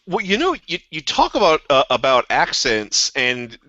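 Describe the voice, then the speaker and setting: A man's voice: on the high side, huge pitch swings, normal speed, pushed and bright. A man co-hosting a podcast, musing thoughtfully in a casual way. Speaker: podcast co-host. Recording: dry, dull lo-fi podcast audio.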